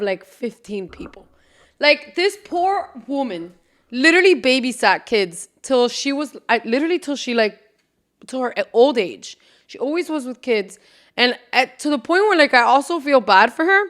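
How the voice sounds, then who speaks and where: Lively young woman podcaster, laughing. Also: a little high. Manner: animated, laughing, swears freely. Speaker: podcast host. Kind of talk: casual solo podcast chat.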